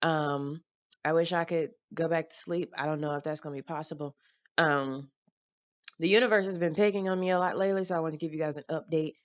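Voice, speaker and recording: A woman's voice: sits low, steady tone, fairly quick. Rambling woman vlogger, dull lo-fi sound. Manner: rambling and candid, with frequent fillers, swearing and laughter. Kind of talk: casual vlog chat. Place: home room lit by daylight. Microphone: camera mic.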